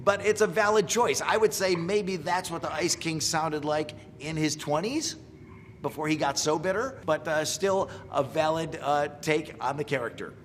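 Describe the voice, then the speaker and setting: Middle-aged male voice actor, wry and playful, a bit high-pitched, slight reverb. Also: normal speed, background noise. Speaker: voice actor reviewing impressions. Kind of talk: casual reaction commentary.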